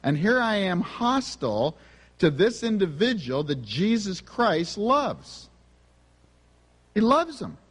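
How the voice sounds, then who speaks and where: Man, preacher, earnest storytelling sermon, fairly high voice, long hall echo. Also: big pitch swings, slow pace, breathy edge. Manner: earnest, conversational, self-confessing.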